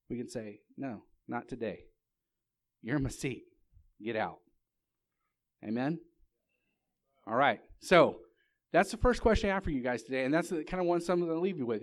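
A man's voice: fairly high pitch, no room sound. Man giving a casual sermon. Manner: casual, conversational storytelling. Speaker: pastor.

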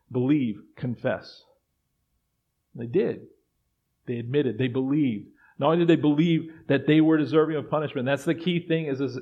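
A medium-pitched man preaches a sermon as a pastor, moving between quiet, reflective passages and loud, acted-out voices of doubters. The audio sounds dull.

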